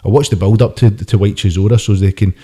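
Podcast co-host: man, lowish dark voice, heated sweary rants. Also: fast, slightly rough. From United Kingdom. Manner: sweary, ranting, animated. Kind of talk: casual boxing chat.

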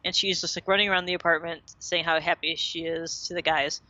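A woman's voice: on the low side, steady tone, brisk, pushed and bright, no echo, lo-fi sound. A woman casually recapping a TV episode as a podcast co-host, chatty and full of fillers.

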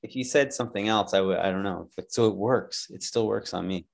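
A man hosting a podcast, rambling and riffing excitedly in casual chat. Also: lowish voice, brisk, vocal fry. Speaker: podcast host.

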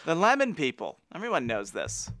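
A man co-hosting a casual podcast, reading a story aloud and bantering with excitable, teasing energy. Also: fairly high pitch, brisk. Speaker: podcast co-host.

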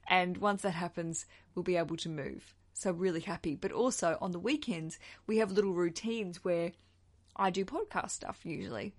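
A woman's voice: fairly low pitch, moderate pace. A woman in her thirties with an Australian accent, hosting a podcast in a chatty, effusive way. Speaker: podcast host. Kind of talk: casual podcast chat.

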